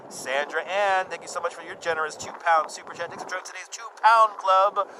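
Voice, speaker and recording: Excitable guy livestreaming outdoors, out of breath, bright higher voice, clip-on mic. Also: fairly quick, few pauses, slight background noise, poor audio. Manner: excitable, thanks donors effusively. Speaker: livestream host. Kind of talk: live walking tour stream. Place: outdoors on an island by the harbor. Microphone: wireless clip-on mic.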